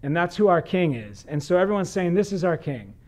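A man with a somewhat high voice delivers a conversational sermon as a pastor. He reads scripture, then talks it through earnestly and with animation. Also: very animated, brisk.

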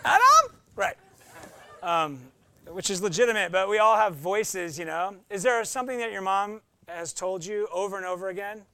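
A man's voice: high-pitched, moderate pace, fairly bright tone, clean tone, dry recording. A middle-aged man preaching a sermon in a playful way, acting out voices and quotes as he talks. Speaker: pastor.

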